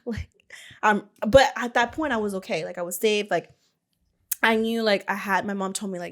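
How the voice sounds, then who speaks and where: A woman's voice: medium pitch, fairly quick. A young woman co-hosting a casual chat, talking loosely with many fillers and restarts. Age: young adult. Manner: chatty, lots of "like" and restarts. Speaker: podcast co-host.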